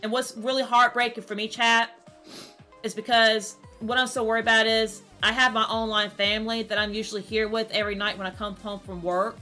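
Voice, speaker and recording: Woman, streamer chatting to her viewers, upset and near tears, rambling, fairly high voice. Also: little pitch movement, brisk, bright, forceful tone, faint music behind. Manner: rambling, repeats words, talks straight to her chat. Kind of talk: casual talk to camera.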